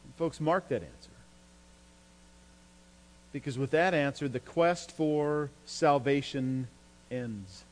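A man preaching a sermon as a pastor, emphatic, his voice climbing in pitch and force when he drives a point home. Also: slow pace, pauses often. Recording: long hall reverb with mains hum.

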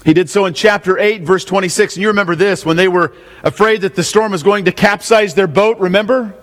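A man's voice: high voice, fairly quick, fairly bright tone. A man preaching an expository sermon. He often asks his listeners questions and repeats his main points. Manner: asks the congregation questions, repeats key lines. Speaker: pastor. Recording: long hall reverb.

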